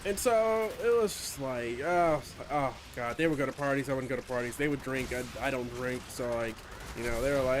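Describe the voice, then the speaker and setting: A man's voice: mid-range voice, a little fast. A man streaming a video game, chatting in a rambling, profane, self-deprecating way while he plays. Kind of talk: casual gaming stream chat. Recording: steady background noise.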